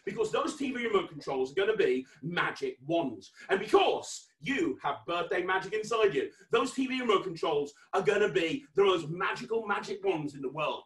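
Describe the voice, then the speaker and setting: A high, bouncy British male voice hosting a kids' magic party over video, swinging from mock-stern scolding to gleeful shouting. His pitch leaps all over the place. The sound is roomy and a little distant from the mic. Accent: British English. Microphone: webcam.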